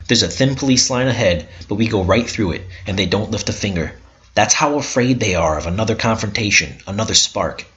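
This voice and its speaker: A man's voice: fairly low pitch, lively intonation, brisk, fairly bright tone. A man giving an intense, bitter first-person narration of a story. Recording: dull lo-fi recording.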